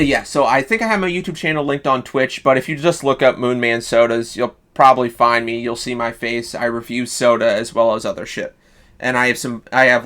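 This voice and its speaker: Guy streaming, rambling out a plot pitch, swears a lot, lots of um and like, mid pitch voice. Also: a bit bright. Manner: profane, loose, full of fillers and restarts. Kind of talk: casual rambling story pitch.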